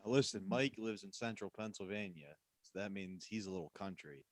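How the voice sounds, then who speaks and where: Co-host guy, lowish voice, dry close sound, playful banter. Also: brisk, dry recording. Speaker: podcast co-host. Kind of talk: casual comedy chat.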